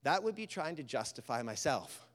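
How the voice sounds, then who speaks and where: A man with a fairly high voice preaches a sermon in a large reverberant hall. He moves from quiet storytelling to loud, animated exhortation. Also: moderate pace.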